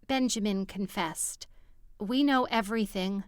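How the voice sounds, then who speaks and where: A woman's voice: medium pitch, measured pace, no echo, clean studio sound, lightly acted. A woman narrator voicing a shaken, worn-out young woman who speaks frankly, in an audiobook. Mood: tired. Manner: frank, tired. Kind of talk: audiobook character voice.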